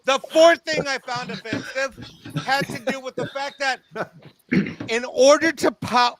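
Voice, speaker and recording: A man with a Mexican accent talking on a review panel, animated and joking, laughing at his own jokes. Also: very high-pitched, measured pace, crowd noise.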